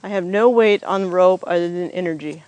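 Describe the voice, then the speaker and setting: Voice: medium pitch, fairly quick, darkish tone, smooth, dry recording, low-quality recording. A horse trainer working a horse outdoors, explaining each step aloud in a casual, chatty way to a camera set up nearby. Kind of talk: casual explanatory groundwork demo. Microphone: camera set up nearby on the ground.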